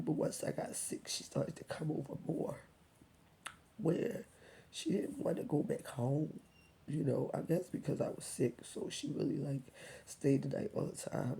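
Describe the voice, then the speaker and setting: A woman vlogger speaking softly and haltingly to her subscribers, holding back tears as she tells a personal story, often dropping near a whisper. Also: deep voice, gravelly, slight background noise. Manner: soft, halting, often near a whisper, with many pauses and ums.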